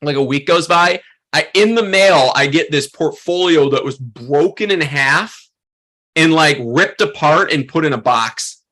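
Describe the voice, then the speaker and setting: A man in his thirties teaches a photography workshop in a casual, storytelling way. His voice sits a little high and sounds bright and forward. He fills his talk with "um" and "like" and jumps into quoted voices as he goes. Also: measured pace. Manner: animated, acts out quoted voices, many fillers.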